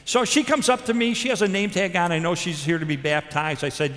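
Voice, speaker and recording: A man preaching a sermon, telling stories with animated delivery, moving between loud emphasis and soft intensity. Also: high-pitched, fairly quick. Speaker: pastor. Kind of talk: sermon with storytelling. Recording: long hall reverb.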